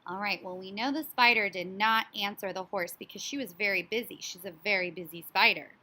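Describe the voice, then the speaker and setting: Using a lively, kid-friendly delivery, a woman walks young children through putting a story in order, now and then mimicking animal noises. She speaks at a medium pitch, a little fast.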